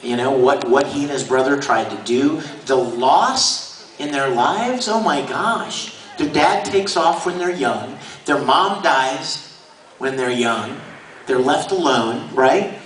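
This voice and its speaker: Taking things slowly, a man with a mid-range, fairly bright voice and lively intonation tells enthusiastic stories to a convention audience, laughing frequently as a guest voice actor. The noisy recording comes from a handheld camera far back in an echoey hall.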